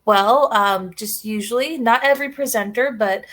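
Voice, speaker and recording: A woman teacher joining a live online chat, explaining earnestly and pausing with fillers. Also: on the high side, fairly bright tone. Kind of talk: casual live-stream chat.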